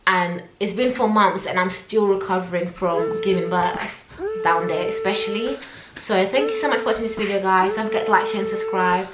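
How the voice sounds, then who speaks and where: A woman's voice: medium pitch, moderate pace, very noisy. A young woman, telling a personal story to camera and acting out what everyone said. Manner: animated, acts out her own quotes. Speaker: vlogger. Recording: echoey room.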